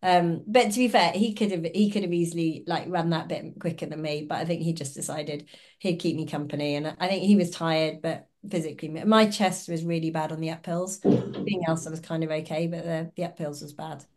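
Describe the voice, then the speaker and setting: Woman, kinda low voice, chatty, acts out the bits she's quoting. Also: fairly even intonation, brisk, darkish tone. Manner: chatty storytelling, acts out quoted dialogue with laughs. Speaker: guest, ultrarunner and oncologist. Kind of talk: casual podcast interview.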